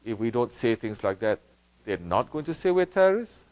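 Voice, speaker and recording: A man giving a Sufi sermon as teacher, impassioned, swinging between loud outbursts and hushed lines, full of rhetorical questions and repetition. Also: medium pitch, big pitch swings, normal speed, no room sound, rough recording.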